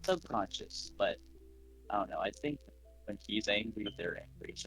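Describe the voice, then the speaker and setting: A man with a fairly low voice plays in a tabletop role-playing session. He explains his character's actions and feelings in a loose, casual way, leaning on "like" as he thinks aloud. Faint music runs in the background. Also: animated, moderate pace, a bit bright, rough recording. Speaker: player.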